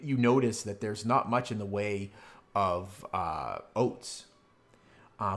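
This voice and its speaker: Guy dm narrating a fantasy game, lowish voice, lots of ums and uhs, laid back. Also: a bit bright. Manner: casual, rambling, filler-heavy descriptions. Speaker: game master.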